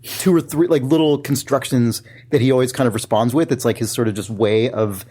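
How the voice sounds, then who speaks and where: A young adult man co-hosting a podcast, chatting casually and acting out little bits of dialogue with animated energy. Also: medium pitch, breathy edge. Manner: animated, acts out characters' lines in quick impressions. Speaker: podcast co-host. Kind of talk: casual chat.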